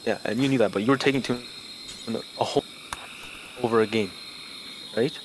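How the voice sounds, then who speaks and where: A young male student with a medium-pitched, brisk voice argues heatedly, insistent and aggrieved, pushing his point over and over. Music plays behind him, and there's a slight hiss or hum.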